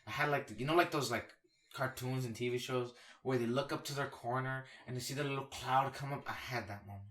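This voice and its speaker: A young man co-hosting a casual podcast, joking and rambling, filling his talk with "you know" and sometimes dropping into a soft, low put-on comedy voice. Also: fairly even intonation, brisk. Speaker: podcast co-host.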